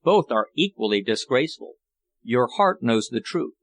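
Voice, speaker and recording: A man's voice: medium pitch, very animated, moderate pace, lightly acted. A man voicing a passionate, scornful foreign suitor who speaks fervently and declaims his love.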